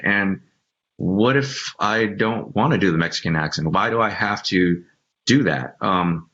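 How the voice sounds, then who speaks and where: A man with a very low voice talks reflectively on a panel, feeling his way through each thought. He pauses often and restarts his sentences. The sound is dull and lo-fi. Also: fairly bright tone. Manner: hesitant and reflective, many ums and restarts. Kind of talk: candid panel discussion. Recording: dull lo-fi audio.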